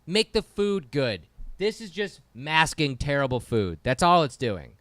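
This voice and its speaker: A man's voice: a little high, sing-song, unhurried, fairly bright tone, no echo. A man co-hosting a casual podcast, ranting in an exasperated, swearing way. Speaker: podcast co-host. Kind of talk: casual comedic rant.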